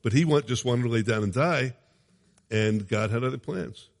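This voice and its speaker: A man's voice: mid-range voice, normal speed, vocal fry, in a large hall. A man preaching a sermon, reading scripture dramatically and adding conversational asides with chuckles.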